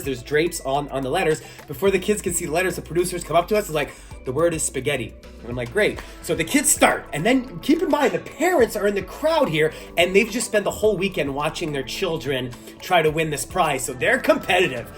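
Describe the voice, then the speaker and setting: Animated man telling a story. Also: a little high. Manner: animated, laughs while telling, acts out voices. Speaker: magician and kids' entertainer. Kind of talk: casual storytelling vlog.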